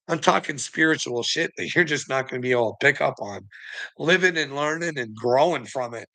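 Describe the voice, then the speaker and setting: Gravelly, rambling, profane man. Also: mid-range voice, moderate pace, pushed and bright, low-quality recording. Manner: profane, rambling, laughs often. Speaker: vlogger. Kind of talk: casual rambling monologue.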